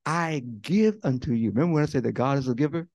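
A man preaching a sermon as pastor, talking conversationally and swinging from loud bursts to hushed near-whispers. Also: medium pitch, expressive, quick pace, no room sound. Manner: conversational preaching with fillers and quoted voices.

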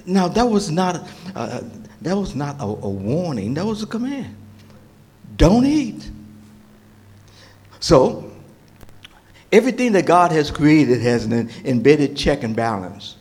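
A male pastor delivers a sermon in an animated, emphatic way, often stopping to check that the congregation is following. His voice sits a little high and swings widely in pitch. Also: measured pace. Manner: animated, emphatic, with fillers and restarts, asks the congregation questions.

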